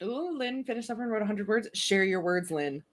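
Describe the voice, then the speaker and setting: A woman co-hosting a casual writing stream, excitable and giggly. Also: medium pitch, normal speed, crowd noise. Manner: giggly and excitable, reads aloud in a put-on accent. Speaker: streamer co-host.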